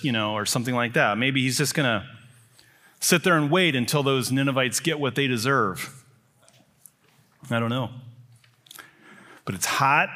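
A man's voice: mid-range voice, pushed and bright. A man preaching a sermon, emphatic, building his points with repeated phrases.

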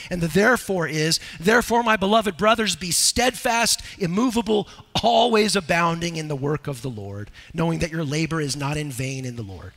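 Male pastor, sermon, high voice, long hall reverb, urgent then hushed. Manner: swings from loud, urgent exhortation to low, quiet earnestness. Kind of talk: expository sermon. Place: church sanctuary.

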